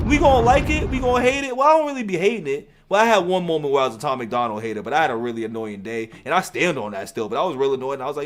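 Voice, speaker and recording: Reaction host, male, fairly high voice, emphatic and profane, loves to repeat himself. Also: lively intonation, very fast, few pauses, slight background noise. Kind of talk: casual music reaction commentary.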